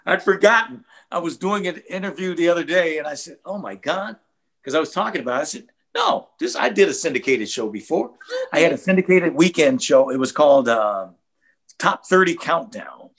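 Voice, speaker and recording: An older man, a guest and radio host, talking in a relaxed, reflective way about his career in an interview. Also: on the high side, a little fast. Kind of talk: casual interview chat.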